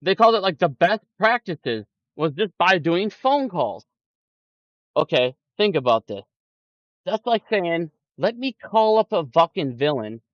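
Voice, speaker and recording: This stock market streamer has a high, sing-song voice and talks a little slowly, ranting angrily through his livestream commentary with frequent swearing and mocking the people he quotes in put-on voices. The lo-fi audio is dull and dry, with no room sound.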